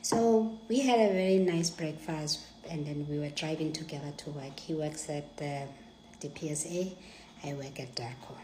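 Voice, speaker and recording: A South African woman with a low voice recounts a personal story in a lively, theatrical way. She acts out every line of dialogue and slips into hushed asides. The sound is roomy and echoey, with a faint hum behind her. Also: normal speed. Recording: echoey room.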